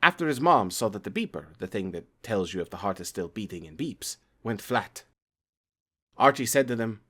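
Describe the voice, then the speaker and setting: Guy reading a creepypasta out loud, plain storytelling voice, trips on words sometimes. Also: fairly low pitch, lively intonation, normal speed. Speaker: creepypasta narrator. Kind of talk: reading a horror story aloud.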